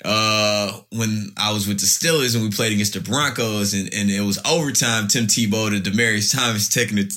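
A man's voice: mid-range voice, pushed and bright. A man, a pro football player, answering interview questions in a loose storytelling way with many restarts.

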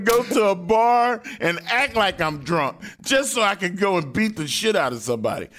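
A man's voice: high-pitched, lively intonation, moderate pace, hardly any pauses, a bit bright. A middle-aged man, a former wrestler co-hosting a podcast, talking in a fired-up, blunt, profane way. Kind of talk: casual chat.

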